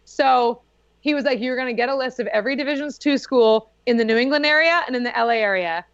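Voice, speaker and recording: A young woman with a higher voice talks as a podcast guest, telling her story casually and with plenty of "like". The sound is dull and lo-fi, dry and close, with no room around it. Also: quick pace, dry recording. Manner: chatty, lots of "like", laughs while telling.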